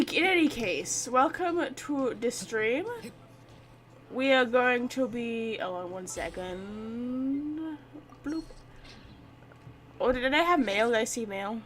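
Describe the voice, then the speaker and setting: A woman's voice: a little high, expressive, slow. A woman chatting casually as she sets up and opens a live game stream, thinking aloud as she goes.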